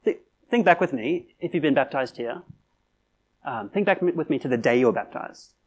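A man's voice: medium pitch, expressive, moderate pace, a little mellow. A man preaching a sermon in a conversational way, with fillers and restarts, building to emphatic peaks. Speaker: pastor.

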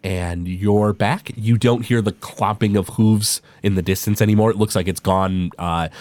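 A man narrating as game master, halting with frequent uhs. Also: on the low side, fairly even intonation, a little mellow, dry recording.

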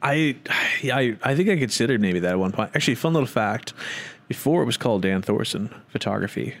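A man's voice: mid-range voice, animated, a little fast. A man, a wedding photographer, chatting casually on a podcast, rambling and slipping into voices when he quotes people. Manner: rambling storyteller who acts out quotes.

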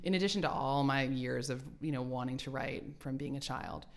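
A woman's voice: very deep voice, a little fast, creaky. A woman in her forties, an author being interviewed, telling stories animatedly and laughing often. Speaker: author guest. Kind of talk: casual interview chat.

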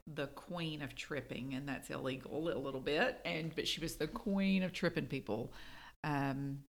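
A woman telling stories in casual chat as a podcast co-host, animated when she quotes people. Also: deep voice, gravelly. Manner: storytelling, animated when quoting.

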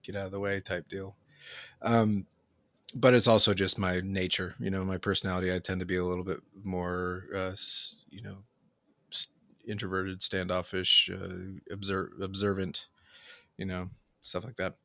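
Low-voiced man, halting and reflective. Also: flat delivery, vocal fry, pushed and bright, no room sound. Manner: halting, many fillers and restarts. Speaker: conversation partner. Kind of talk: casual conversation.

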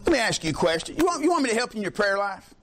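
A man's voice: high voice, very animated, very fast, fairly bright tone, slight background noise. A middle-aged man preaching a sermon in an emphatic, rhetorical call-and-response manner.

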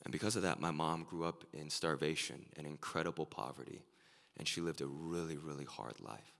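A man preaching an earnest sermon as a pastor, his voice turning excited and emphatic at times. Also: extremely low pitch, brisk. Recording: live sermon with long hall reverb.

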